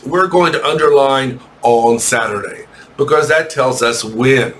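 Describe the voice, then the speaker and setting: A man teaching an English lesson to young children, reading a textbook aloud slowly and correcting his own slips. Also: medium pitch, fairly bright tone, slight background noise. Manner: slow, patient, reads text aloud and corrects himself.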